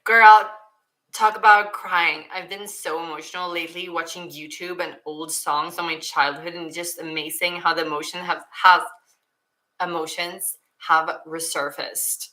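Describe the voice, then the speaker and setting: A woman's voice: deep voice, flat delivery, normal speed, bright, forceful tone, poor audio. A young woman with a Swedish accent answering viewer questions in a casual, emotional chat, often laughing and filled with "like" and "um". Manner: emotional, giggly, many likes and ums.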